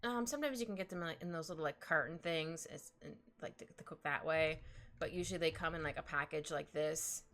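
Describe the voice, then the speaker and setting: A young Canadian woman streams herself drawing live, chatting casually, giggling, rambling, and making playful asides. Her voice sits low, brisk and fairly bright, over a faint music playlist.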